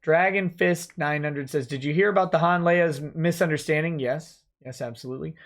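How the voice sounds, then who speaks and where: A man's voice: fairly high pitch, normal speed. A man hosting a casual livestream, reading out viewer chat messages and answering them offhand as a lawyer. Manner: reads chat messages aloud and replies offhand.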